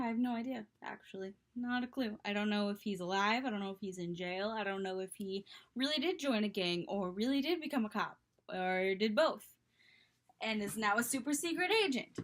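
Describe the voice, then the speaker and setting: A young woman tells a casual storytime into her webcam mic. Her voice sits a little high for a woman. She keeps it animated and dramatic and often slips into laughter. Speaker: vlogger telling a story.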